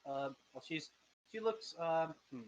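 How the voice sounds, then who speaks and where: A man's voice: fairly high pitch, animated, measured pace. A man in his twenties narrating a tabletop game as game master, casual and joking, often stumbling over his words. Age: 20s. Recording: dull lo-fi voice chat audio.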